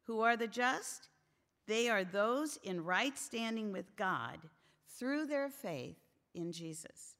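A woman's voice: medium pitch, lively intonation, slow pace, a bit bright. A woman teaching a Bible study to a group of women, earnest and emphatic as she preaches. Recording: long hall reverb.

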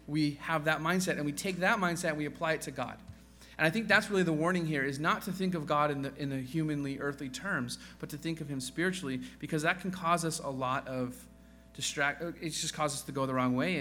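A man's voice: on the high side, sharp tone, slight background noise. A man preaching a sermon as pastor in a conversational way, with joking asides and acted-out quoted voices. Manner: self-deprecating joking asides.

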